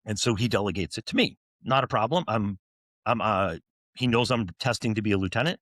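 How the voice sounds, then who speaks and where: A man's voice: fairly low pitch, fairly quick, a bit bright, dry recording, studio quality. A man in his forties, a firefighter officer, telling stories in an interview with earnest restarts and fillers. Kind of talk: storytelling interview answers.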